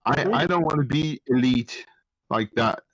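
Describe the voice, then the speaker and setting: A man joining a casual online chat as a guest, speaking in a halting, hesitant way. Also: mid-range voice, highs cut off, a crowd in the background. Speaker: call guest.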